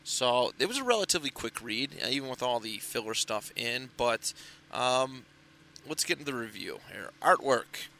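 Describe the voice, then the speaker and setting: A man's voice: medium pitch, big pitch swings, normal speed, creaky, sharp tone. A man co-hosting a podcast in casual chat, recapping a story in a rambling way, full of fillers and restarts. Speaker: podcast co-host reviewing comics.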